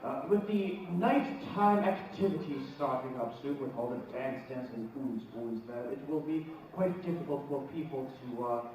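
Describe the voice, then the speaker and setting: A man's voice: medium pitch, normal speed, few pauses, a little mellow, slight background noise. A man co-hosting a charity show at a convention, bantering in a teasing, mock-formal way. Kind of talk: playful comedic banter on stage. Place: convention room with live audience. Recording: roomy hall from a distant mic.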